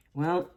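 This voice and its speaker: Slow-talking tarot reader woman. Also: a little mellow. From Southern United States. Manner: slow, halting, with many restarts. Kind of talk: slow tarot reading to camera.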